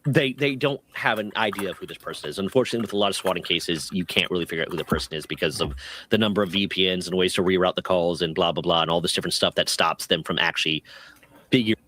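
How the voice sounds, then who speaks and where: A man's voice: low voice, quick pace, sharp tone. A man co-hosting a stream who recaps a news story in an earnest, sympathetic way.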